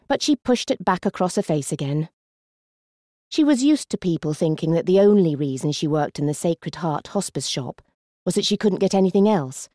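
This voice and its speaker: A woman narrates an audiobook with a low, mellow voice and measured delivery. The sound is dry and close to the mic. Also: no room sound.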